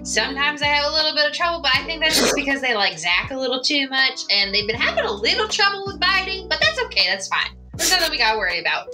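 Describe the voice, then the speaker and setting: A woman voicing a cheerful, rushed soccer mom figure who insists everything is fine. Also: high voice, very animated, music in the background, pitched above the performer's own voice. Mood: chipper. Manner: bubbly, rushed, sing-song.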